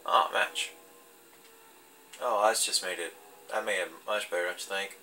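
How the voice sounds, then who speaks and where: A man talks through a game he is playing, chatty and wry, tossing off jokes as he goes. His voice is very bright and sharp. A faint hiss runs underneath. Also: low-pitched, fairly even intonation, moderate pace, poor audio. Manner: chatty, wry, jokey asides. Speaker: let's play host. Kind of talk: casual gameplay commentary.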